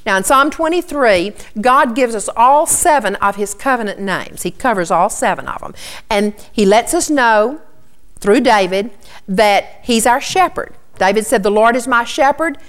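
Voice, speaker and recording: A woman's voice: fairly high pitch, lively intonation, normal speed. Earnest woman teaching scripture. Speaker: Bible teacher. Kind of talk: sermon.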